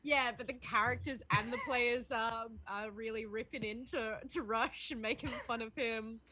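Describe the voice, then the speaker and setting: A chatty woman talks on a panel in a high, bright voice. She laughs often and slips into little quoted voices as she tells a story. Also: fairly even intonation, normal speed. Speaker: player on the show. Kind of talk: casual panel chat.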